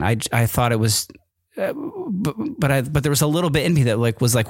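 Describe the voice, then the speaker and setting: A man's voice: mid-range voice, very animated, a little fast, no echo, clean studio sound. A man hosting a podcast, telling a personal story in a rambling, casual way with many fillers and restarts. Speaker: podcast host. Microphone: microphone with camera.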